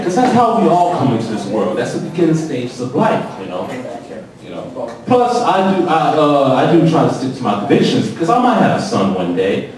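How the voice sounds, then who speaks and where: A young man in his twenties rambling through a profane stand-up set, a little tipsy, his pitch swinging up and down as he talks. The club sounds very echoey and he is heard from a distance across the room. A crowd murmurs and reacts clearly behind him. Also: big pitch swings, moderate pace. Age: 20s. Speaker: stand-up comedian. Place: comedy club stage. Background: audience reactions.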